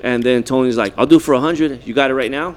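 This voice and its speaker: A man's voice: medium pitch, quick pace. A man, a barber, telling a shop story in a casual chat and acting out the other people's lines.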